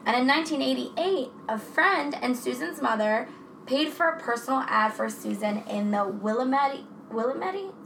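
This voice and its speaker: Speaking at normal speed, a woman with a high, gravelly, slightly bright voice co-hosts a laid-back true-crime podcast full of swearing and easy chatter. There's echo in the room and some faint noise.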